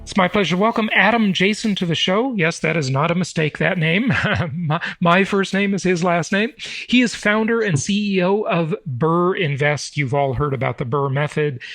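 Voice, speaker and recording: A middle-aged man hosting an interview podcast, pitched a little high for a man. He chats freely, tossing in asides and correcting himself as he goes. His voice sits dry and close to the mic. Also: fairly bright tone, no room sound, faint music behind. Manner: chatty, self-correcting, quick asides. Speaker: podcast host.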